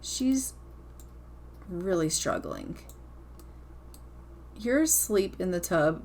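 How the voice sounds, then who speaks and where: A woman's voice: medium pitch, slight background noise. A woman giving casual, blunt, chatty commentary while playing a life-simulation game, swearing now and then. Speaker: gameplay commentator.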